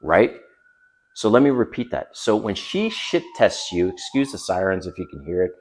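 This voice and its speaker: A man with a fairly low voice talks straight to the camera in a lively, swinging delivery. He coaches bluntly and emphatically, with casual swearing. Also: moderate pace. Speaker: dating advice vlogger. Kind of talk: direct-to-camera coaching talk. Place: home by a busy street.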